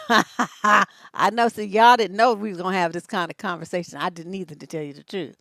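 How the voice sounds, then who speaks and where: A middle-aged woman hosting a live relationship advice show, talking bluntly and swearing freely. Her pitch sits in an ordinary middle range, and the sound is dry and close, with no room around it. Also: normal speed, no room sound. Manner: blunt, profane, animated.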